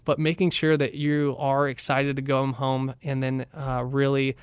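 The young training director on this radio spot has a medium-pitched, clear and resonant voice and a measured pace, with no room sound. Enthusiastically motivational, he brings his stories to life by acting out each person's voice.

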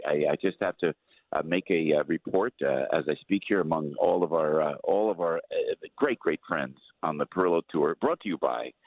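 A man hosting a radio show, talking in a casual, rambling way full of filler pauses. His voice sits very low. He comes through a dry, tinny phone connection. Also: no echo. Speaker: radio host. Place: on tour abroad, phoned in.

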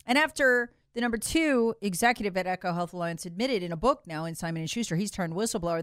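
A woman hosting an opinion monologue, sarcastic, swinging from loud outbursts to muttered asides and mocking voices. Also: fairly low pitch, lively intonation, quick pace, hardly any pauses, clear, resonant tone, no room sound, studio quality. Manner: acts out mocking voices of others. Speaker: political commentary host.

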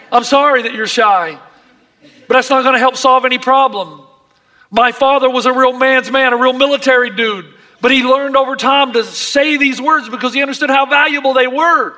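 A man's voice: very high-pitched, normal speed, bright, forceful tone, big-room sound. A man preaching a sermon as pastor, emphatic and impassioned.

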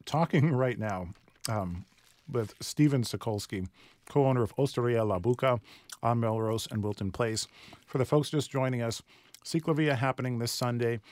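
A man's voice: on the low side, no room sound. A man hosting a live radio interview in a restaurant, eager and tasting dishes as he talks. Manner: enthusiastic, tasting food while talking. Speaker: radio host.

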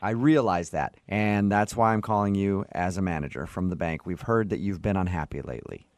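A man's voice: low-pitched, brisk, no echo. Man, radio host, prank phone call, playful, dry studio sound. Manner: playful, feigning innocence while munching.

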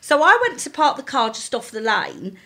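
Casting: middle-aged woman, lively co-host storyteller, bright-ish voice with wide swings. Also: fairly high pitch, normal speed. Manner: animated storyteller, acts out quoted voices. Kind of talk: casual chat.

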